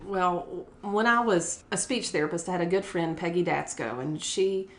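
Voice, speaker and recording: A middle-aged woman from West Virginia talks through her career as a school principal in an earnest, conversational way. Her voice sits on the lower side, and she slips into brief lively voices when quoting others. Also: normal speed. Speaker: elementary school principal, guest. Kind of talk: casual conversational storytelling.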